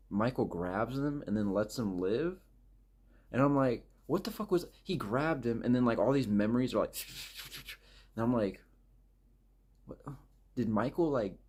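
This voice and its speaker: A man's voice: lowish voice, a little mellow. A man ranting casually about a movie, profane and exasperated, rambling and jumping between points. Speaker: movie reviewer. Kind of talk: casual rant.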